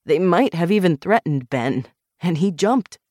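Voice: medium pitch, lively intonation, a little slow, darkish tone, dry recording, clean studio sound. A narrator voicing a young man who speaks firmly and emphatically in an audiobook. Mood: explaining. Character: young man, defensive and firm. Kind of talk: audiobook character voice.

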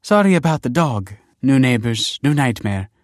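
A man's voice: medium pitch, big pitch swings, normal speed, no echo, clean studio sound, voice pushed up, natural voice. A man voicing a tense, secretive mother who snaps curt retorts. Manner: snappy, clipped retorts.

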